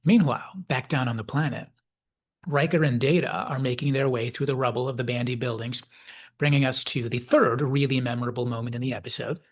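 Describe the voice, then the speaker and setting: A man hosting a video essay, giving measured, reflective commentary and reading out quoted dialogue. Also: medium pitch, steady tone. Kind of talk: analytical commentary.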